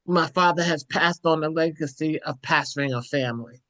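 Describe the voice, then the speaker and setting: A woman's voice: deep voice, moderate pace, a bit bright, no echo. A woman in her sixties giving a heartfelt personal testimony as a guest on a church panel, in a reflective, storytelling way.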